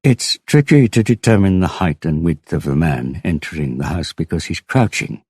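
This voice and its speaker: A man's voice: sits low, big pitch swings, moderate pace, darkish tone, slightly rough, no echo, studio quality, exaggerated voice. A man voicing a sleepy, careful male technical expert who hedges every claim. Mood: hedging. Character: groggy, fussy male image-analysis expert.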